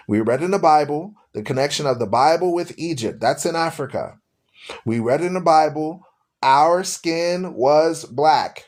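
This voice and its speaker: A man's voice: a little high, a little mellow. A man hosting a live-streamed religious talk show, speaking to his listeners in a preachy, repetitive way. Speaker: radio show host.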